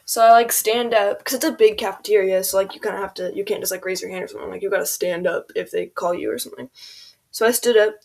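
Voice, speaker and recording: Fast and gravelly, yet a little mellow, this teenage girl's medium-pitched voice holds a steady tone. She's a gaming video creator rambling through a casual storytime over gameplay, heavy on "like" and "um," quoting people in character voices.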